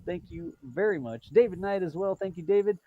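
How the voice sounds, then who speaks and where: A man with a slightly high voice hosts a live stream in a loose, chatty way, reading out viewer donations. He rambles, corrects himself and drops in fillers. A faint noise sits under his voice. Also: lively intonation, a little fast, muffled recording. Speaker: livestream host.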